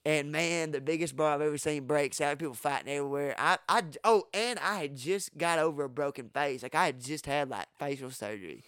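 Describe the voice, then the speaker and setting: A man telling rowdy stories on a podcast in a bright, pressed, slightly high voice. His speech is crisp and clean, recorded close and dry, and he bursts loud whenever he acts out a line. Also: a little fast, hardly any pauses, no echo. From Texas. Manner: animated, profane, acts out quoted lines with sudden loud jumps. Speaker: podcast host. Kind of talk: casual storytelling.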